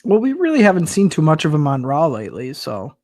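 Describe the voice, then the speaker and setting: A man's voice: a little high, huge pitch swings, fast, a little mellow, no room sound, clean studio sound. A man co-hosting a podcast in casual chat, laid-back and joking, with lots of agreeing and filler. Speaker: podcast co-host. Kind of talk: casual chat recapping wrestling.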